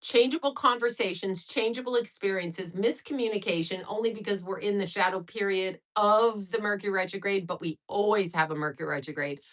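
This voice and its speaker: Here a sweating astrologer in her fifties hosts a casual livestream chat, wandering loosely between anecdotes. She curses without hesitation and laughs at how blunt she is, her mid-range voice bright with a sharp edge, all captured in somewhat dull, lo-fi sound.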